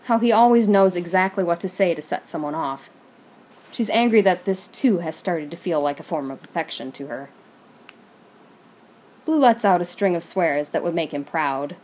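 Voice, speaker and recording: A woman reading fan fiction aloud in a steady, even storytelling manner. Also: fairly low pitch, moderate pace.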